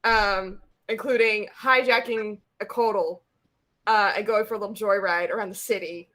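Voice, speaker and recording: A woman player in a tabletop game, narrating her character in a casual, halting way. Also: mid-range voice, fairly even intonation, pushed and bright, low-quality recording.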